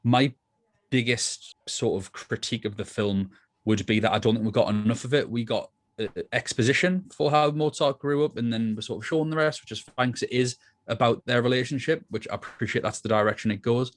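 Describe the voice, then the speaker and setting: A man's voice: mid-range voice, fairly quick. A man co-hosting a film review podcast, chatting casually and thinking aloud with plenty of restarts. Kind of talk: casual chat.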